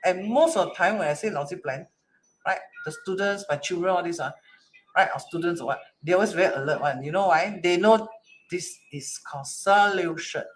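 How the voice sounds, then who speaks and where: In a brisk, mid-range voice over slight background noise, a Chinese metaphysics teacher chats with an online class. Her colloquial English is full of "lah" and "lor," and she keeps checking with a rhetorical "correct?"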